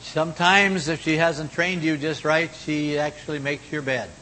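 A man preaching a sermon in a folksy manner, moving between loud exhortation and hushed, low tones. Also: flat delivery, normal speed. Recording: long hall reverb, faint rumble.

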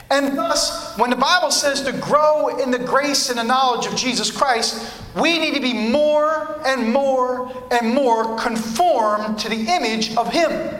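A man preaches to his congregation, pressing his points with insistent repetition. His voice sits very high and rings bright. The sound carries the echo of a church room. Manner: emphatic, repetitive preaching cadence. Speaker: pastor. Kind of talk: sermon.

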